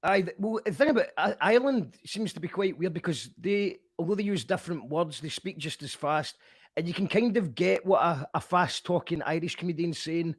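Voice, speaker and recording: A man hosting a casual chat, reading out viewer comments and giving shout-outs in an easygoing way. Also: fairly high pitch, animated, fairly quick, dry recording, clean studio sound. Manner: easygoing, gives shout-outs, repeats words while thinking. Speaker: host.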